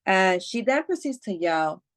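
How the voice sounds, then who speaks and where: A woman's voice: mid-range voice, very animated, measured pace. A woman, a podcast guest, telling a personal story in casual chat, swearing freely and filling her talk with "like" and "you know". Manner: emotional retelling, swears freely, many fillers.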